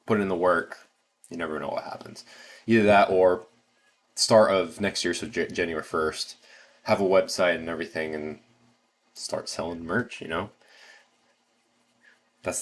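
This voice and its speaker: A man with an American accent hosting a casual livestream, rambling with lots of fillers and restarts. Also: deep voice. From United States. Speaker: livestream host.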